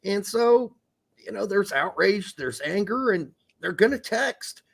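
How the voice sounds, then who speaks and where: A man's voice: sits high, expressive, unhurried, vocal fry. A man co-hosting a soccer podcast in casual chat, blunt and profane. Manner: blunt, profane, jumps into mock voices. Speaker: podcast co-host.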